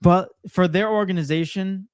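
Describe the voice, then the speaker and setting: Male sports co-host, higher-pitched, confident and opinionated, dry recording. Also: fairly even intonation, clean tone, no echo. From Portuguese heritage. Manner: confident, opinionated, quick bursts. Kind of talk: casual sports chat.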